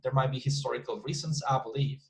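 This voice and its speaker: A man's voice: medium pitch, fairly even intonation, quick pace, gravelly, rough recording. Man teaching an English class. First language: Spanish. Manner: repeats words to model pronunciation, many restarts. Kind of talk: online class explanation.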